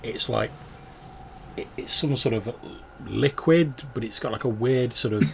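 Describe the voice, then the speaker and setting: A man narrating a tabletop game as game master, describing scenes in an unhurried, descriptive way. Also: mid-range voice, creaky, a little hiss or hum.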